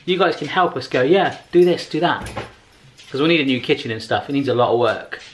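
Lively chatty man vlogging. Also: medium pitch, fast, slight background noise. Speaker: vlog host. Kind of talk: casual vlog chat.

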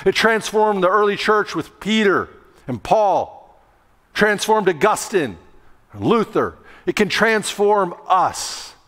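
A male pastor delivering a sermon with lively storytelling, now and then shouting out acted lines. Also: high voice, takes it slowly. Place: church sanctuary. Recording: long reverb of a church sanctuary.

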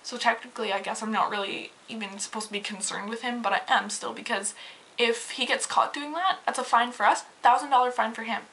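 A woman's voice: fairly high pitch, fairly even intonation, fairly quick, a bit bright, a little hiss or hum. A young woman venting in a casual vlog about rude customers at her gas station job, exasperated and cursing freely. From Canada. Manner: exasperated, swears freely, fired up. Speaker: vlogger, gas station attendant. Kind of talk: ranting casual vlog storytelling.

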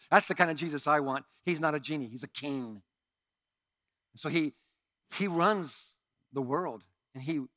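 A man's voice: fairly high pitch, fairly bright tone, no echo, studio quality. A male pastor preaching a sermon in an emphatic, conversational way, asking the congregation questions.

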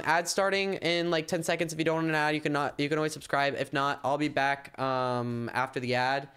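A man's voice: mid-range voice, a bit bright, clean tone. A young American man chatting casually and playfully on a livestream, rambling with filler words. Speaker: streamer.

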